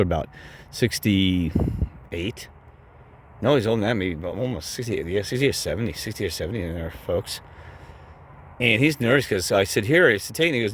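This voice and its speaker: A man's voice: lowish voice, a little hiss or hum. A man telling a rambling, heated story to his viewers. He curses often, keeps repeating "I said", and his voice jumps up when he quotes himself. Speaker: vlogger telling a personal story.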